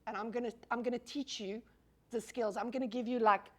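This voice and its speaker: A middle-aged woman lecturing a class in a high, bright voice. She is animated and talks to the room directly, firing questions at the audience and dropping casual swear words. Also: a little fast.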